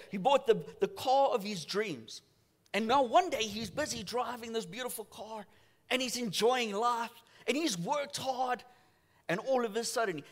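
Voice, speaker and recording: High-voiced man preaching a sermon. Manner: storytelling, acts out voices in quotes, swings from loud to hushed. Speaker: pastor. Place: church.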